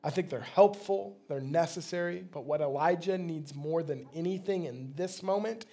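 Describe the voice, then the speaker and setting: Man, pastor, sermon, casual plain-spoken delivery, fairly high voice. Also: moderate pace, few pauses, mellow. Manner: conversational, plain-spoken preaching.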